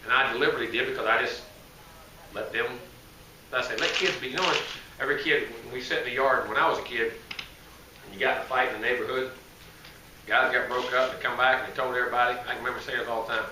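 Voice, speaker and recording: A man's voice: mid-range voice, fairly even intonation, fast talker, pushed and bright, distant mic. A man, a head football coach answering press questions in a rambling, folksy, self-correcting way. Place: media day press room. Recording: echoey room, voice from afar, faint noise.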